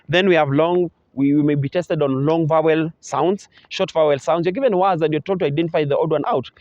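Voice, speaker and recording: Kenyan man teaching, slightly high voice. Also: darkish tone, dry recording. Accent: Kenyan English. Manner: explains patiently, acts out pronunciation and intonation examples. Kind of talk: exam revision lecture. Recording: dull, dry close recording.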